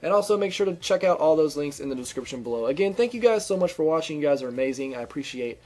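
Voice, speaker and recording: A man's voice: on the high side, expressive, fast, a little mellow. Upbeat chatty gaming commentator man. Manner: chatty and upbeat, many ums and restarts. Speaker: gaming YouTuber giving channel tips. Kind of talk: casual gameplay commentary.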